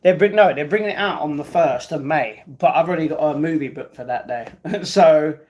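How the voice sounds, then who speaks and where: A man's voice: on the high side, a little fast, a little mellow. Chatty man reading live chat. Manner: chatty, reads viewer comments aloud and banters back. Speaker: livestream host reading chat. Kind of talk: casual live-stream chat.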